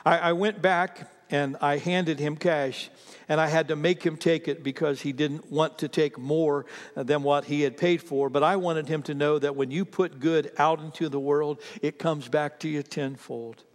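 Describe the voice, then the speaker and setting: A man's voice: a little high, steady tone, normal speed, big-room sound. A man preaching a sermon, telling a story earnestly and speaking directly to his congregation. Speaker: pastor.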